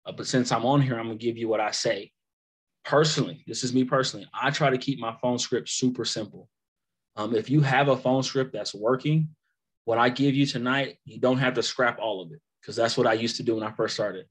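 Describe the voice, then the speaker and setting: A man in his thirties leads a phone sales training over a video call, at a medium pitch. He coaches in a direct, conversational way, repeating key points for emphasis and acting out sample lines. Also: a little fast, husky. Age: 30s.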